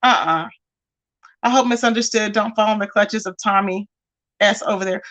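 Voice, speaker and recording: A woman's voice: medium pitch, moderate pace, fairly bright tone. A woman casually chatting on a livestream, reading out viewer comments and calling her audience y'all and baby.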